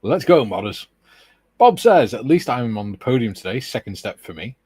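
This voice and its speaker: A man co-hosting a relaxed hobby session, reading viewer comments aloud in an easygoing way. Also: mid-range voice, moderate pace, husky, no echo. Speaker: co-host reading chat. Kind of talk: casual chat while model building.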